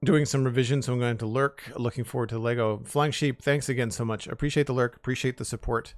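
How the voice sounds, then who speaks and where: A man's voice: mid-range voice, fairly even intonation, fast, no echo, soft background music. Chatty man streaming a Lego build. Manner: friendly, chatty, thanks supporters by name. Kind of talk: casual live-stream chat.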